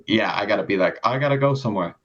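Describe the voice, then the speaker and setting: A man's voice: fairly low pitch, rapid-fire, a crowd in the background. A young man on a podcast telling a rambling story in casual chat, swearing often and acting out the people in it. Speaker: podcast co-host. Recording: dull lo-fi sound.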